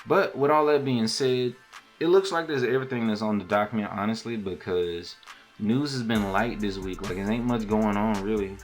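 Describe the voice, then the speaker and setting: A man's voice: fairly low pitch, moderate pace, faint music behind. Laid-back man hosting a casual podcast. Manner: laid-back, rambling, slangy. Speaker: podcast host.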